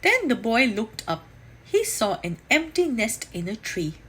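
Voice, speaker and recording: A woman reads a children's picture book aloud for storytime. Her voice is high and a little breathy, and it swoops widely in pitch. She reads slowly and expressively. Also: sing-song, a bit bright. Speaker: storytime reader.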